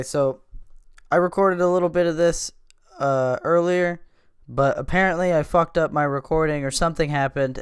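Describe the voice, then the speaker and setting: A man's voice: fairly high pitch, clean tone, dry recording, studio quality. A man hosting a casual podcast, rambling and swearing as he describes videos he watches. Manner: profane, laid-back, rambling. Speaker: podcast host.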